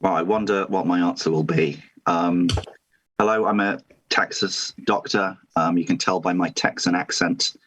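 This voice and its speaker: A very deep, husky male voice from an English man as an awkward Texas doctor in comedy role-play. He stumbles through his lines with many ums and restarts, keeping it deadpan. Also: normal speed. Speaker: comedy panelist.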